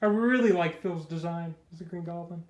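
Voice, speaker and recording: A man's voice: on the high side, brisk, darkish tone, rough recording. A man giving a casual comic book review, rambling and full of fillers as he retells the scenes and paraphrases what the characters say. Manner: rambling, filler-heavy, paraphrases the dialogue loosely.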